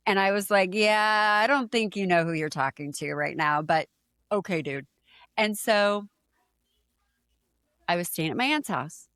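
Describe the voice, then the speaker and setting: A woman in her forties from San Diego, telling a personal story as a podcast guest and acting out what people said with lively jumps in her voice. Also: dry recording, clean studio sound. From San Diego, USA. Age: 40s. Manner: animated, acts out quoted speech with big pitch jumps, lots of fillers. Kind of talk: casual storytelling in conversation.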